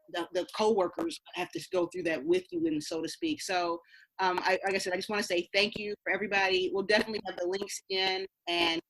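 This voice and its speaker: A woman hosts a podcast in a somewhat low voice. She thanks her guests and then moves into a brisk, scripted closing. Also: creaky, a bit bright. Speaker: podcast host. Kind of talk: podcast interview and outro.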